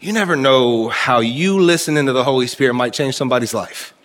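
A male preacher in the middle of a church service, speaking at an ordinary middle pitch. He preaches in a folksy, storytelling way, with jokes and direct questions to the congregation. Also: fairly quick, fairly bright tone. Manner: conversational, addresses congregation directly. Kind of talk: sermon.

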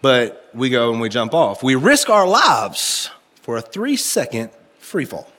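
Male pastor, mid-pitched, folksy and humorous, sermon delivered like a chat with the congregation. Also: big pitch swings, measured pace, pushed and bright. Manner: conversational, addresses congregation directly. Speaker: preacher. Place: church service.

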